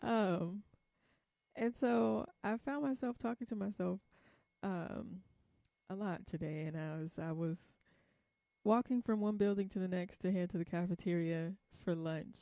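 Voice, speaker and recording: A young woman from California rambles through a casual vlog, blunt and quick to swear. Her voice sits a little low and sounds mellow and dark. The recording is dry and close, with almost no room sound. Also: dry recording. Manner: blunt and profane, rambling with many ums. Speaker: vlogger.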